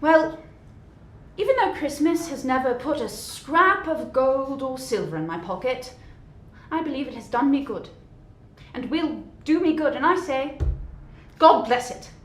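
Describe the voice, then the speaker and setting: A woman voicing a cheerful young man, a merry nephew, speaking eagerly and loudly. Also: high voice, animated, unhurried, pauses often, voice pushed up. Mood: earnest. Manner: bright, eager, loud. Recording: echoey room.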